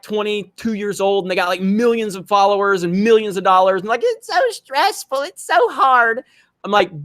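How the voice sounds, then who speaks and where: Man, livestream host, fairly high voice, dry close mic, casual profane ranting. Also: a bit bright, dry recording.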